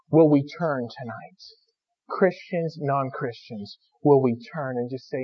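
High-voiced man preaching with passion. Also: measured pace, breathy edge. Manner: impassioned preaching, swinging between loud and hushed. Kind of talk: sermon. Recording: dull lo-fi recording.

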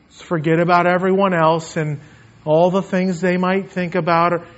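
Earnest preacher man, slow and hushed. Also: high voice, steady tone, muffled recording. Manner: earnest, swings between emphatic and hushed. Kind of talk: sermon and closing prayer. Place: church sanctuary.

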